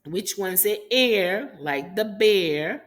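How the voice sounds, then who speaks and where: A woman's voice: medium pitch, expressive, takes it slowly. A woman from Haiti teaching rhyming sounds to young children in an encouraging, sing-song teacher manner. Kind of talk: phonics lesson for young children.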